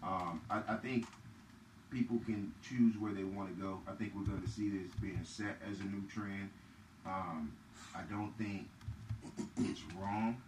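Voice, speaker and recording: A man's voice: fairly low pitch, steady tone, unhurried, darkish tone, recorded from a distance, slight background noise. A man, co-hosting a podcast in loose, profane banter. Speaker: podcast co-host. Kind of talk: casual chat. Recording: echoey room, voice off-mic.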